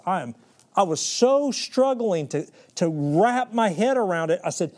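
A man preaching a sermon, telling a Bible story with slow, emphatic scripture reading and sudden hushed, quick asides. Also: a little high, sing-song.

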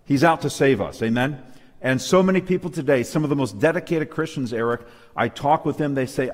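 In a church hall with a live and online audience, a man gives a sermon-style Bible study, speaking a little fast in a medium-pitched voice with a long reverb tail. He is emphatic, asking rhetorical questions and calling for amens.

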